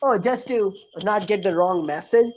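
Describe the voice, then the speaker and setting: A man's voice: high voice, moderate pace, darkish tone. A man co-hosting a casual online podcast, speaking in a friendly, explaining way with hesitant fillers. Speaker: podcast co-host. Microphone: online call with connection trouble. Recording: dull lo-fi call audio.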